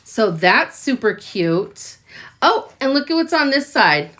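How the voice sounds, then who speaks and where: A woman, a product consultant, talking through an excited unboxing vlog, gushing and exclaiming as she opens the box. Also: a little high, slow pace. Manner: gushing, bubbly, exclaims often.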